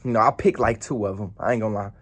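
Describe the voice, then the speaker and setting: A man's voice: lowish voice, fairly even intonation, racing. A man telling a story to camera in a blunt, profane, rambling way. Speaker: vlogger. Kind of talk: casual storytelling.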